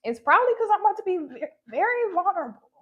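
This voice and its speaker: A woman speaking on a live stream about her faith, halting and emotionally open. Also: very high voice, very animated, lo-fi sound. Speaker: spiritual content creator.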